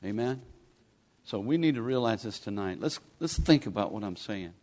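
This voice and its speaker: A man's voice: on the low side, expressive, moderate pace, darkish tone. Folksy older preacher man. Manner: folksy, pleading, conversational preaching. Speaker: guest preacher. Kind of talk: sermon with altar call.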